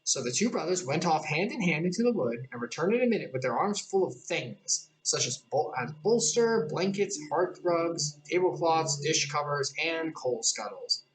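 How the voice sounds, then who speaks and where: Low-voiced woman reading a storybook aloud. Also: moderate pace, few pauses. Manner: chatty asides, low relaxed voice. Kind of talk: casual storybook reading on stream.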